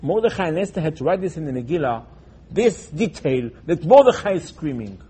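A man with a delivery giving a sermon, telling stories dramatically and swinging between loud outbursts and hushed lines. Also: a little high, big pitch swings, fairly quick, husky. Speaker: rabbi giving a Torah talk.

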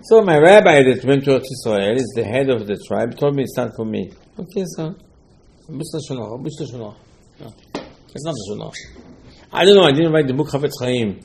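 A man giving a Torah lesson, animated, acting out dialogue with rhetorical questions and mixing Hebrew terms into English. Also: medium pitch, a little fast, gravelly, slight background noise. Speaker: Torah teacher. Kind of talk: Torah lesson on the weekly portion.

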